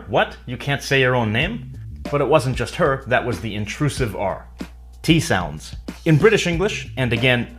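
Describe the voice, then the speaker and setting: A man walks through an English lesson in a clear, methodical way. He slips in some dry humor, and his pitch sits at an average level. Faint music plays behind him. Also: fairly bright tone. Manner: clear, explanatory, dryly humorous. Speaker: English teacher. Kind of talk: scripted educational narration.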